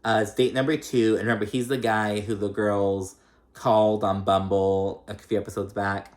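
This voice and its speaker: A young man hosting a casual reality TV recap, chatty and profane, laughing often and mimicking people in a high voice. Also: little pitch movement, moderate pace, darkish tone.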